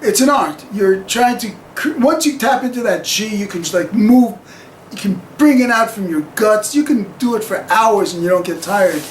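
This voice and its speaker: A man's voice: sits high, lively intonation, moderate pace, reverberant, slight background noise, rough recording. A man telling a personal story to camera in a rambling, chuckling way with plenty of fillers.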